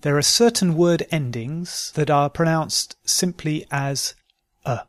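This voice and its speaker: A man teaching pronunciation, reading word lists slowly and clearly for learners to repeat. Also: on the high side, a bit bright, no room sound. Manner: slow, deliberate, isolated words for repetition. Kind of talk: slow word-list drill.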